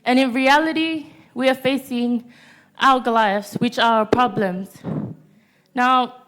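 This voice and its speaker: Teen girl preaching at a youth service, high voice, keeps asking the church for an amen. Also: fairly even intonation, takes it slowly, fairly bright tone, a little hiss or hum. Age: teens. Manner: call-and-response, asks "Amen?" after nearly every point. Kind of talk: sermon.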